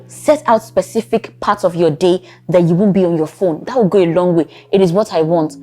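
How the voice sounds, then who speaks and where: A woman with a Nigerian accent giving relationship advice in a vlog, animated and acting out both sides of arguments. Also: on the low side. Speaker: relationship coach.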